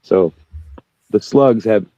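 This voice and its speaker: A man in casual chat, talking fast and cursing a lot, his pitch jumping up when he gets worked up. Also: mellow, no room sound, highs cut off. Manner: profane, ranting, quick, jumps up in pitch when worked up.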